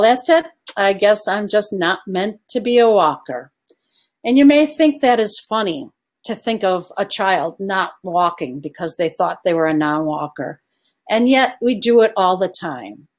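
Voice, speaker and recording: A woman success coach giving an online coaching presentation, asking her audience questions and inviting replies in the chat. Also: medium pitch.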